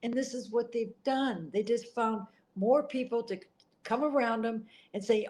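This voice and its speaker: Woman, middle-aged, interview guest, earnest, emotional, a bit high-pitched. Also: unhurried, a little mellow, rough recording.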